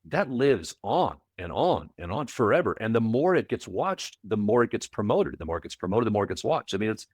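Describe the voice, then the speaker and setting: A man who coaches property managers, a podcast guest telling stories in a casual interview, animated and often repeating words as he restarts. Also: fairly low pitch, fairly quick, hardly any pauses, breathy edge, no room sound, studio quality. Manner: animated, repeats words, acts out quoted voices.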